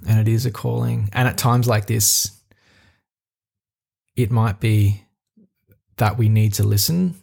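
A man with an Australian accent hosting a reflective solo podcast, talking in an earnest, halting way with many fillers and restarts. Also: lowish voice, gravelly, a little mellow, husky. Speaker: podcast host.

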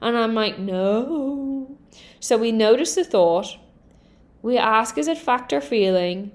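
A woman's voice: a little high, slow. Candid, swearing woman podcast host. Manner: candid, energetic, swears freely. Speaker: podcast host and healing coach. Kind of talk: casual podcast monologue.

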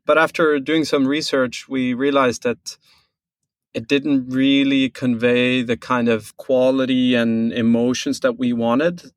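A man's voice: mid-range voice, no echo. Hesitant Norwegian-accented man, dry sound. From Norway. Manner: measured, explanatory, with frequent hesitations and restarts. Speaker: guest, brand co-founder. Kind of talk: casual podcast interview.

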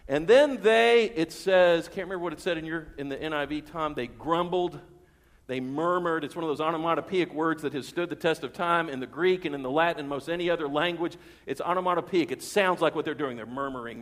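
High-voiced male preacher in a reverberant church. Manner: rhetorical questions to the congregation; emphatic preaching, repeating key words. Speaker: pastor. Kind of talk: sermon. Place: church sanctuary.

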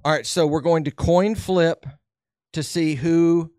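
A man host with a slightly high voice, recorded close and dry. He runs the segment briskly and talks his co-hosts through the rules. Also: steady tone, darkish tone, no room sound. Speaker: radio host. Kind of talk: casual chat.

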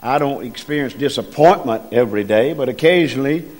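A middle-aged man preaching a sermon in a folksy, halting way, with frequent ums and slow emphasis on key phrases. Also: medium pitch, expressive, darkish tone.

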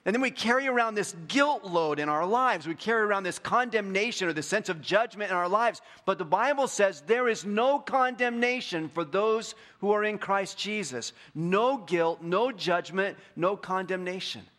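A male pastor whose voice sits high delivers an animated sermon. He builds to fervent, emphatic peaks and falls back to a soft, slow pace for scripture.

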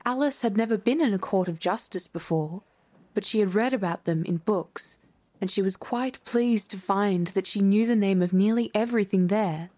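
Woman storybook narrator, measured and clear, mid-pitched. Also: warm tone. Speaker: audiobook narrator. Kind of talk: storybook reading.

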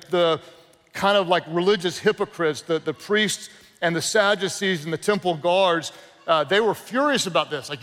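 A man from the American South with a Southern accent, preaching a sermon as a guest pastor in an energetic, humorous storytelling way, calling out to the crowd. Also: sits high. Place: large church auditorium. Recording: long reverb of a big hall.

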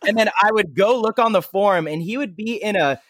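A man telling lively stories in a casual conversation. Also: high voice, a little fast, dry recording, clean studio sound. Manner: animated storytelling. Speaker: podcast guest, former pro paintball player. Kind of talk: casual chat.

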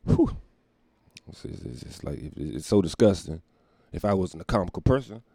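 A man's voice: low-pitched, sing-song, normal speed, creaky, mellow, no room sound. A man delivering a casual comedic rant, profane and rambling, often laughing and slipping into mock voices. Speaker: comedic commentator.

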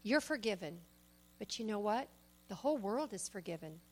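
A woman preaching a sermon, emphatic, shifting between loud exhortation and soft asides and personal stories. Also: mid-range voice, expressive, normal speed, soft background music. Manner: tells personal stories, acts out quoted speech.

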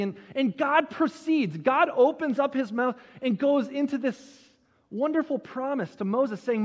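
Preacher guy telling a story, super high voice, big echoey hall. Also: unhurried, lo-fi sound. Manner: animated, retelling the story with asides. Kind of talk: sermon storytelling. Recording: long hall reverb.

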